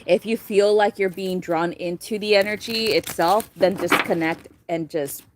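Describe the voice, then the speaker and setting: A woman's voice: mid-range voice, normal speed, noisy background. A young woman doing a casual tarot reading vlog, talking chattily, laughing often and swearing casually. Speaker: tarot reader.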